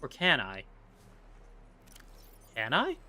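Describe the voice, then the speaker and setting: A man's voice: medium pitch, huge pitch swings, very slow, bright, forceful tone, a little hiss or hum. A man streaming a game live, chatting casually and playfully, often slipping into theatrical mock-rage rants. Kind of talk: casual live-stream commentary while playing.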